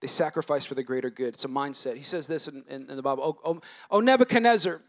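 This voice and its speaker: A man's voice: medium pitch, quick pace. A man, a pastor, preaching a casual, conversational sermon that is full of asides, repeated words and acted-out quotes. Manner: conversational, animated, acts out quoted voices.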